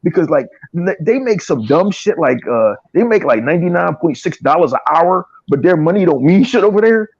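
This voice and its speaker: A man hosting a podcast, ranting profanely and mocking others in an animated way. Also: a little high, a little fast, few pauses, breathy edge. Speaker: podcast host. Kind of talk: casual chat. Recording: dry, dull lo-fi sound.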